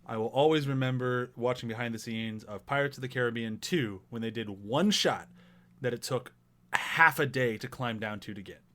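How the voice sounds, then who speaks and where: A man hosting a casual film review chat, animated and laughing often, acting out movie quotes. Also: medium pitch, moderate pace. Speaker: podcast host.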